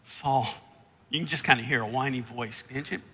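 A man preaching a sermon, reading scripture and acting out the characters' lines with big jumps in pitch and loudness. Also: fairly even intonation, normal speed, husky, in a large hall. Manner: acts out the Bible characters' lines with big swings in pitch and volume. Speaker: pastor.

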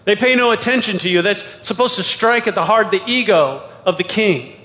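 High-voiced preaching man in a reverberant hall. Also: lively intonation, normal speed, fairly bright tone. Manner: expository preaching with rhetorical questions. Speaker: pastor. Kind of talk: sermon.

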